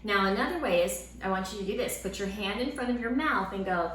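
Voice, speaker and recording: Animated woman teaching children. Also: mid-range voice, fast talker. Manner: lively, encouraging, speaks to children. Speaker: Sunday school teacher. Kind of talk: children's lesson. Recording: roomy room sound with faint ambience.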